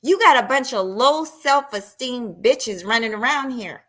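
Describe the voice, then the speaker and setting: Speaking straight to her live-stream audience, a woman delivers a confrontational, heated rant. She sounds bright and somewhat high-pitched, swearing bluntly, yet stays expressive and unhurried.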